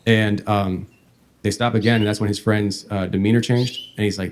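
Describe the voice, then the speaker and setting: A man tells a long story in a slightly low voice. He meanders and halts as he goes, circling back on himself. He speaks as the host of a podcast. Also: level tone, quick pace, a little mellow, slight background noise. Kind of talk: telling a paranormal story.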